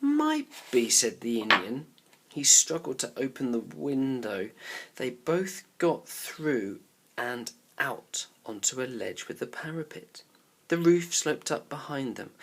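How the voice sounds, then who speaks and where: A male teacher reads a children's novel aloud to his class. His delivery is expressive and storybook-like. At tense parts he drops his voice to a near whisper. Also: medium pitch, creaky, husky.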